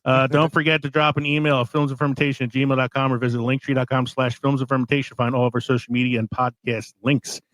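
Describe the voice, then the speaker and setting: A man's voice: mid-range voice, flat delivery, fast, hardly any pauses, fairly bright tone, dry recording, poor audio. A man hosting a casual podcast, laid-back and swearing freely, recorded in a small studio. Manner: laid-back, swearing, laughing between lines. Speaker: podcast host.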